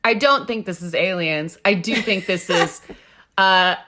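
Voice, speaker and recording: A woman co-hosting a podcast in casual chat, animated and joking, given to loud exclamations. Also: on the low side, unhurried. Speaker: podcast co-host.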